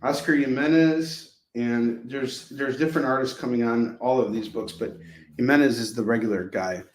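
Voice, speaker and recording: Speaking at a normal speed in a mid-range voice, a man hosts a live comic-book sale. He chats loosely with the audience, teasing and sarcastic, and the recording carries an echoey room sound.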